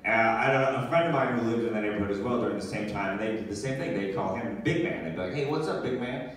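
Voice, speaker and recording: A man doing comedic storytelling on a live podcast, animated and self-mocking, swearing freely. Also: on the low side, fast. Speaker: comedian guest. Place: small venue with live audience. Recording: echoey room, mic picked up from a distance.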